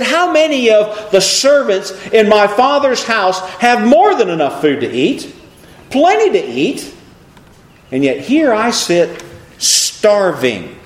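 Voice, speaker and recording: Man, preacher, sermon, rhetorical questions, high voice, echoey room. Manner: animated, asks the congregation rhetorical questions.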